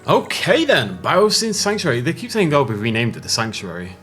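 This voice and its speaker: A man's voice: medium pitch, huge pitch swings, fairly quick, a bit bright, faint music behind. A young man hosting a game playthrough, talking casually and chattily, laughing often and interrupting himself. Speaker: gaming channel host. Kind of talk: casual let's-play commentary.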